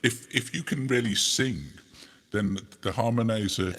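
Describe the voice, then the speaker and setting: A man hosting a casual demo of audio effects, his voice run through a harmonizer pitch effect, joking and rambling in a self-mocking way. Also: animated, slow pace, fairly bright tone, husky. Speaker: host demonstrating audio effects.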